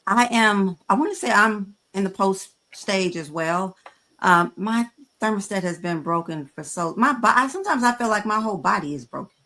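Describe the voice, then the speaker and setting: A frank woman in her fifties, co-hosting a podcast in a bright, forceful voice. She speaks conversationally and pauses on fillers as she gathers her thoughts. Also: mid-range voice. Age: 50s. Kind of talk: candid podcast chat.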